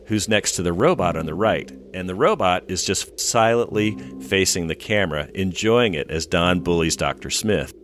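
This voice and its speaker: Lively low-voiced man recapping a show. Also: a little hiss or hum. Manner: dramatic, storytelling, acts out dialogue. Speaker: podcast co-host. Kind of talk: animated episode recap narration.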